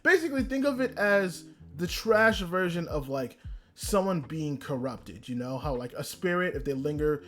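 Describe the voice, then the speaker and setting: A man's voice: on the high side, expressive, moderate pace, a bit bright, faint music behind. A man hosting a podcast, talking casually about anime in a rambling way and swearing freely. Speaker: podcast host. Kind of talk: casual anime review rant.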